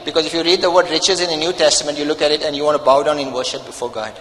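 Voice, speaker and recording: An emphatic pastor preaching a sermon, firing rhetorical questions at his listeners. His voice sits high and rings bright. A long reverb trails behind every phrase. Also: fairly even intonation, racing.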